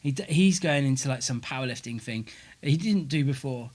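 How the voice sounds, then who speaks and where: This comedian co-host has a medium-pitched, darkish voice and talks a little fast and expressively. He swaps gym stories in casual banter, laughing often, chatting freely, and acting out quotes.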